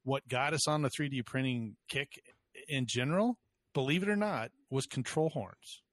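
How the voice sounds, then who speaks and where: A man's voice: medium pitch, normal speed, fairly bright tone, no echo. A man co-hosting a podcast in casual chat, teasing his friend and laughing often. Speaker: podcast co-host.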